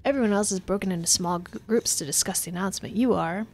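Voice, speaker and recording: Snarky gravelly woman streamer. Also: mid-range voice, quick pace, slight background noise. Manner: snarky, laughing asides. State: voice going hoarse. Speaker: streamer playing a text game. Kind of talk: reading a story game aloud with commentary.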